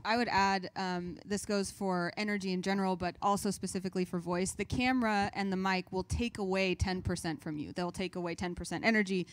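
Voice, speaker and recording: A woman who works as a host and reporter, giving emphatic, expressive advice about presenting. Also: mid-range voice. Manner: expressive, emphatic, animated storytelling. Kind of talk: instructional talk.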